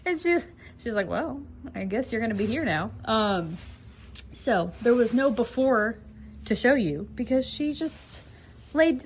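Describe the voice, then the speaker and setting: A woman with a slightly high voice talks in a loose, rambling way, laughing often and dropping to soft coos for the animals. Her phone catches faint barn noise around her at night. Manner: chatty and rambling, laughing often, cooing softly to the mares and foals. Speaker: foaling attendant filming her barn. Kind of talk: casual vlog chat.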